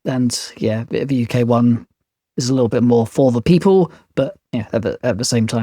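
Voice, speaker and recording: A man's voice: medium pitch, normal speed, dark tone, dry recording, studio quality. A man co-hosting a podcast in casual chat, joking and mocking himself. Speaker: podcast co-host.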